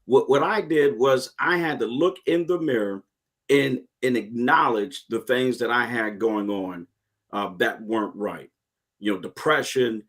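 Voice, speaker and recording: A middle-aged man, a retired Marine, talking in a casual interview with earnest, animated storytelling and frequent restarts. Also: mid-range voice, a little slow. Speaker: guest, retired Marine and podcast host.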